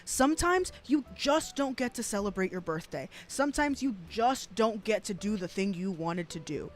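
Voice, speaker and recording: A woman in her twenties with a South Texas accent streams herself reacting to clips, her mid-range voice animated and at normal speed. Her commentary is blunt and full of swearing, with laughing asides and frequent rambling restarts.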